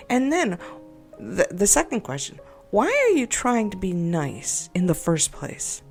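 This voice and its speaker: A woman talks through a frustrating encounter in a loose, rambling monologue. She sounds upset and exasperated and keeps doubting herself. Quiet music plays underneath. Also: on the low side, big pitch swings, a little slow. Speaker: game video creator. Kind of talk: personal venting monologue. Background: faint background music.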